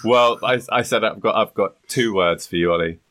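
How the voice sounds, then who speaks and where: A man's voice: on the low side, moderate pace, a bit bright. A young man co-hosting a podcast, chatting casually with crude jokes and frequent laughs. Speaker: podcast co-host. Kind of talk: casual chat.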